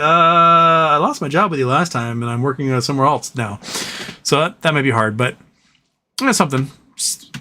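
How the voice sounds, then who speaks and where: A man's voice: medium pitch, fairly bright tone. A man hosting a live stream, chatting casually and reading viewer comments, with a sarcastic, ranting, profane manner. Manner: ranting, sarcastic, profane, reads chat messages aloud. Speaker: livestream host.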